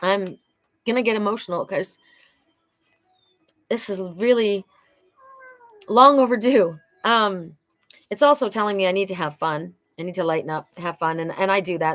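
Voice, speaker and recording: A chatty woman reading oracle cards on a livestream, talking in a loose, heartfelt way. She is middle-pitched and laughs easily, and she gets emotional as she goes. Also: fairly bright tone, no room sound. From Welsh heritage. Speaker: oracle card reader. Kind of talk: casual livestream card reading.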